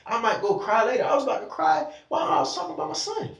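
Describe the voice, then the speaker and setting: A man's voice: very high voice, animated, rapid-fire, creaky, a bit bright. A man in a casual conversation who talks emotionally and animatedly, swearing freely and speaking in bursts. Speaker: podcast conversation participant. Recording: echoey room, mic at a distance.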